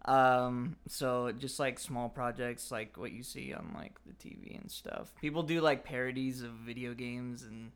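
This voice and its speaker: A man's voice: medium pitch, measured pace, creaky, few pauses. An eighteen-year-old man chatting casually, hesitant and mumbly with lots of fillers. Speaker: guest, aspiring voice actor. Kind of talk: casual chat.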